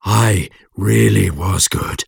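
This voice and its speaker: A man voicing a huge, lonely male monster who pleads slowly and menacingly in an audiobook reading, with a husky, gravelly voice. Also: fairly low pitch, dry recording, clean studio sound, heavily acted. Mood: pleading. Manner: slow, drawn-out pleading delivery. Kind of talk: audiobook character voice.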